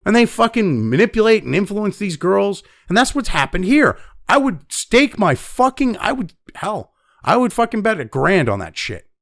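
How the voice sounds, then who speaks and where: A man's voice: sits high, big pitch swings, normal speed, vocal fry, a bit bright, dry recording, studio quality. A man giving angry, heavily profane news commentary, reading news excerpts aloud between blunt rants.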